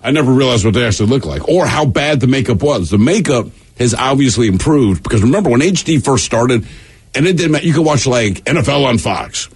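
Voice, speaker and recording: A man's voice: medium pitch, expressive, fairly quick, slightly rough. A man co-hosting a radio show, chatting casually and riffing on the others' jokes.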